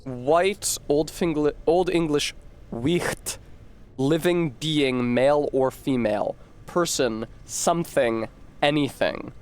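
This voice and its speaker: A man's voice: a little high, takes it slowly. Rambling male game streamer. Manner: rambling, reads aloud to chat, swears casually. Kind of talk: casual gaming stream chat.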